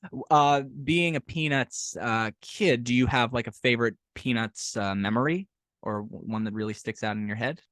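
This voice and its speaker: A man hosting a podcast, asking questions in a relaxed, jokey way and often saying "you know". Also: mid-range voice, moderate pace, dry recording. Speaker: podcast host. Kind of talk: casual interview chat.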